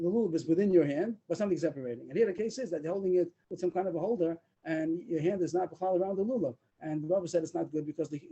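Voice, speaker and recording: Male Talmud teacher on a video call, dark husky voice, fast delivery. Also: a little high, poor audio. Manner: explains rapidly, mixing English with Talmudic Hebrew and Aramaic terms. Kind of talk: daf yomi Talmud class. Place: online meeting room.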